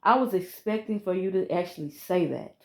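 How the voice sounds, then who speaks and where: A woman's voice: fairly low pitch, a little fast, creaky, a little mellow. A woman, venting emphatically to a phone camera in a casual vlog and repeating herself. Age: 30s. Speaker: vlogger.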